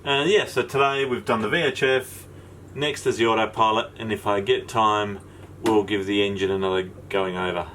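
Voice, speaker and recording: A man's voice: fairly low pitch, steady tone, moderate pace, fairly bright tone, slight background noise. A man hosting a sailing vlog, chatting casually and rambling with lots of ums while recording on his boat. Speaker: vlog host. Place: on a sailboat.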